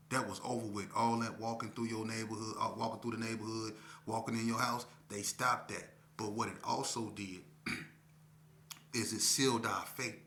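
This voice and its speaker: A middle-aged man from Las Vegas telling his own story in casual street talk, acting out other voices with sudden high shouts. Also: a little hiss or hum. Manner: animated, acts out quoted voices with sudden high-pitched shouts. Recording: echoey room.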